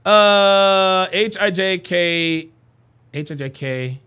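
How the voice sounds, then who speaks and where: A podcast host, reading out viewer comments on a livestream, excitable and loud, with frequent exclamations. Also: male voice, high-pitched, drawn-out words, smooth. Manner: excitable, laughing often, loud bursts of exclamation.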